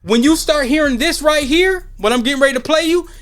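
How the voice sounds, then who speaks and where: Heated American podcast host, high-pitched, repeats points forcefully. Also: male voice, fairly quick. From United States. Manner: emphatic, argumentative, repeats for stress.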